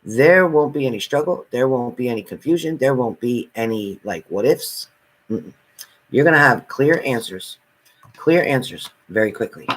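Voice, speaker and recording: Male tarot reader on a live stream, mid-pitched, chatty and reassuring, talks straight to viewers. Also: animated, moderate pace, a little hiss or hum, rough recording.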